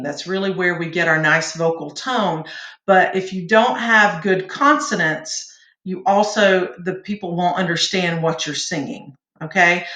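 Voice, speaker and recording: Woman running singing warm-ups, counts the beats slow and patient, roomy echo. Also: mid-range voice. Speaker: singing teacher. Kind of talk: vocal warm-up lesson. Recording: echoey room.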